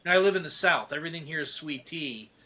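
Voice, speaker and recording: A middle-aged man with a bright, forward voice that sits a little high for a man. He tells stories in an animated, casual way, laughs often, and acts out other people's lines as he goes. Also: fast. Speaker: podcast guest. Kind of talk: casual storytelling chat.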